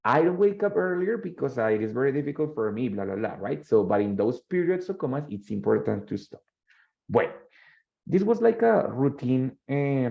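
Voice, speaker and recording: A man, his voice gravelly and dark. He talks patiently, explains in both languages and keeps checking in with his students. The sound is dull and lo-fi, like an online call. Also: mid-range voice. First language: Spanish. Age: 30s. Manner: patient, repeats phrases and checks in with "ready?". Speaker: English teacher. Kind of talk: online English class, mixing Spanish explanations.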